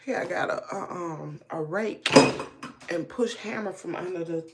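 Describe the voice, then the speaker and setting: A woman's voice: on the low side, moderate pace, background noise. Chatty Southern woman telling a story. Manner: animated storyteller who drops to a hushed near-whisper; chats while doing her makeup. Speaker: livestream host. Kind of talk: casual storytelling chat.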